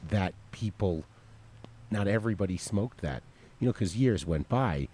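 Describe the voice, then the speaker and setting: A man's voice: low voice, expressive, moderate pace, warm tone, husky. A man on a podcast chatting casually, dropping dry wisecracks. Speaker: podcast guest. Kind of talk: casual chat.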